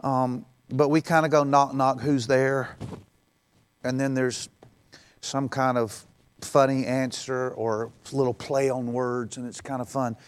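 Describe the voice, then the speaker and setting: A man's voice: mid-range voice, flat delivery, measured pace, smooth. A middle-aged male pastor preaching a sermon in a conversational way, acting out quoted voices in passing.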